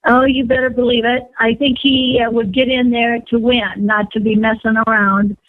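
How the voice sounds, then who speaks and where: A woman's voice: a little high, flat delivery, moderate pace, no room sound. Female radio caller, blunt and opinionated, heard over a thin phone line. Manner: blunt, opinionated, many fillers. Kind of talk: phone-in call.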